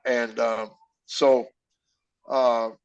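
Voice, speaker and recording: A man's voice: medium pitch, flat delivery, drawn-out words, clean tone, no echo, muffled recording. An older man, a comedian guest, telling candid personal stories with emotion and acting out quoted dialogue.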